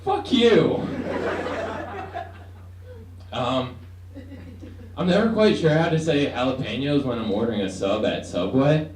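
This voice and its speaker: A man's voice: mid-range voice, animated, normal speed, a crowd in the background. A young man doing a stand-up set, rambling and hesitant, acting out voices. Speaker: stand-up comedian. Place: student comedy room with audience. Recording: echoey room, far from mic, faint noise.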